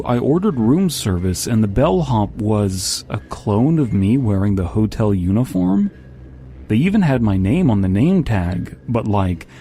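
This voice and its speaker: A man reading a comic hotel review in a wry, deadpan way. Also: lowish voice.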